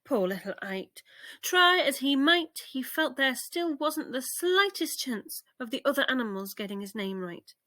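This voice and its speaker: A woman reading a children's bedtime story aloud in a gentle, expressive way. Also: sits high, a little slow, no echo.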